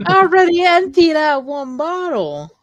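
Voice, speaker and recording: A woman reads items from a list aloud in a casual chat, sounding exasperated. She speaks slowly with a lively, bouncing pitch. Her mic is close and dry. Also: no room sound, lo-fi sound. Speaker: list reader.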